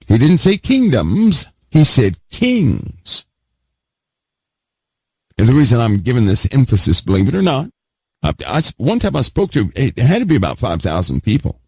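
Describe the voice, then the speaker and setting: Low husky guy preaching, hammers the same words over and over, dry close sound. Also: wildly swooping pitch, brisk, mellow, dry recording. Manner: emphatic, repeats key words, asks listeners questions. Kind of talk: Bible teaching sermon.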